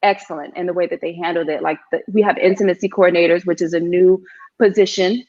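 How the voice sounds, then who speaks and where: A woman actress telling stories as a guest in a casual interview chat, animated and relaxed. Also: fairly low pitch, fast talker. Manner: animated storyteller, frequent "you know what I mean". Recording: slightly dull lo-fi audio.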